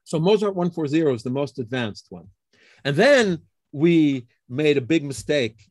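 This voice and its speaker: Man recalling research history in a lively way. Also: fairly high pitch, moderate pace, no echo. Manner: explains with frequent tag questions like okay and huh; animated storytelling, acts out quoted colleagues. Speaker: computer science professor, guest. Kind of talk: casual interview conversation.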